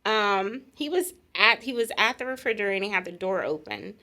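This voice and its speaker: A woman's voice: mid-range voice, animated, fairly quick, pushed and bright. A middle-aged woman casually telling the story of her engagement, laughing often as she goes. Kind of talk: casual chat.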